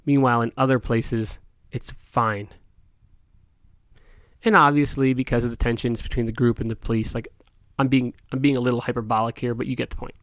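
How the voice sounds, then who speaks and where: A man's voice: medium pitch, steady tone, fairly quick, a bit bright, no room sound, clean studio sound. A middle-aged man vlogging, telling a story in a heated, exasperated rant with frequent restarts. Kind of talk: casual rant to camera.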